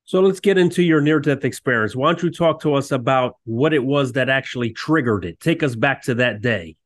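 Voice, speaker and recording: A man hosting a podcast, asking interview questions in a measured, guiding way. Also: mid-range voice, expressive. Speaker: podcast host.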